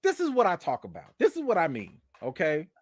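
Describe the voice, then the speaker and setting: Male stream host, lively, self-mocking storyteller, slangy delivery, dry sound. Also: on the high side, brisk, no echo. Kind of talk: casual storytelling.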